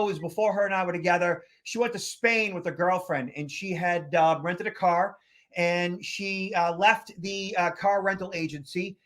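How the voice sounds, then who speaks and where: Casual podcast co-host, a man from Boston with a high voice, rambling storyteller. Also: fairly bright tone. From Boston area, United States. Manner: rambling anecdotal storyteller with many fillers and restarts. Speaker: podcast co-host, security expert. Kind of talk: casual chat.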